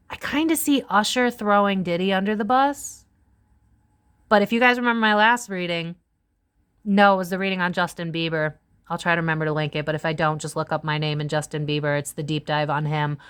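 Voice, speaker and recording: A woman's voice: moderate pace, clean tone. Chatty woman giving a tarot reading. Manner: chatty, filler-heavy, animated pitch swings. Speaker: tarot reader. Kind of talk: casual psychic reading monologue.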